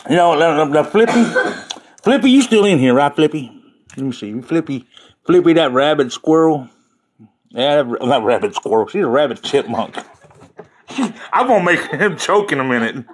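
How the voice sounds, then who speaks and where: A man hosts a casual livestream, joking and rambling with his viewers. His voice sits a little high for a man and swings widely in pitch as he talks. He laughs often and keeps the tone loose. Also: lively intonation, normal speed. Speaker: livestream host chatting with viewers.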